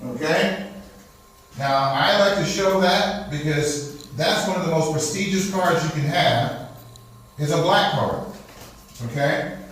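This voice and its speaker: A man with a fairly high, slightly bright voice teaches a live credit repair seminar at a slow pace with long pauses. Frequent "okay?" and "all right?" check-ins follow almost every point, and the recording is distant in a very echoey room.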